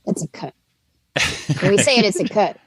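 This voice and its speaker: A woman's voice: medium pitch, very animated, normal speed, slightly rough, no echo, low-quality recording. Chatty woman with a Southern accent. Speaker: podcast co-host. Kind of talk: casual chat.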